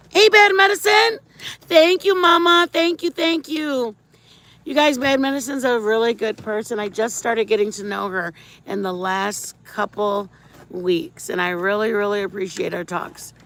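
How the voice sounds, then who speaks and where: Brief: middle-aged woman livestreamer, gravelly, slightly high, chatty and rambling. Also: a little hiss or hum. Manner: rambling, animated storytelling, shouts greetings to viewers. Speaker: livestream host. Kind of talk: casual chat with viewers.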